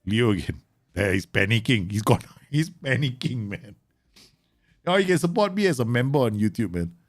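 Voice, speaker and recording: A man live-streaming a football management game, chatting casually with viewers and yelling at his players. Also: mid-range voice, normal speed, no echo, studio quality. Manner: animated, bursts into loud yells and laughs at his players; chatty, answers viewer questions with many fillers.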